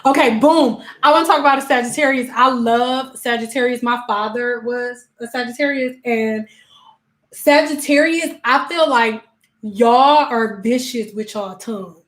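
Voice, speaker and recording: Chatty, laughing woman with a higher voice. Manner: chatty and animated, acting out quick quoted voices; laughs often while talking. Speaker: livestream host talking to viewers. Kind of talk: casual chat answering live comments.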